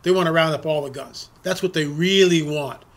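A man's voice: on the high side, normal speed. A man hosting political talk radio, ranting indignantly and often repeating words as he restarts his sentences.

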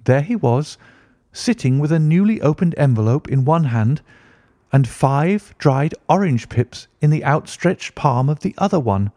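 A man reading a classic story aloud in steady, even scripted narration. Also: a little high, a little slow, no room sound. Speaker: audiobook narrator.

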